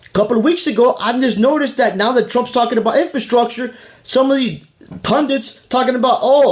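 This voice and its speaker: A man with a rather high voice delivers a casual political rant as host of his own show. He talks heatedly and profanely, circling back to the same points again and again, and swears freely. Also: a little mellow. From Miami, Florida.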